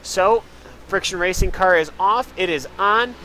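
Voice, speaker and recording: A man's voice: sits high, measured pace, bright, forceful tone. A man giving live sim racing analysis on a headset mic, rambling with lots of uhs. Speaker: race commentator. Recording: noisy broadcast audio.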